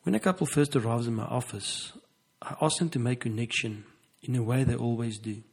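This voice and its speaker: A man speaking as a couples therapist in a reflective motivational talk, with slow, earnest and emphatic phrasing. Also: medium pitch, creaky, slightly rough, low-quality recording.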